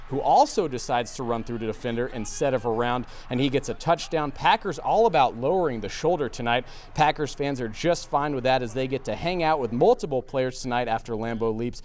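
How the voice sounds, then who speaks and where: A man anchoring sports highlights on a TV newscast from a news studio, upbeat and playful, calling the plays with quick quips. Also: a little mellow.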